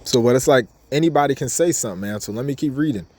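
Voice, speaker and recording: A man's voice: medium pitch, fast talker, darkish tone. A man giving an informal scripture lesson in a casual, repetitive way, reading verses aloud between his own comments. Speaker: bible teacher.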